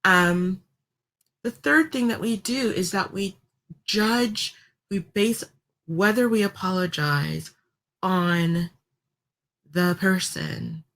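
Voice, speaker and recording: A woman's voice: lowish voice, fairly bright tone. A woman talking through a casual commentary vlog in a chatty, wry way, with frequent ums and laughs. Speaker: vlogger.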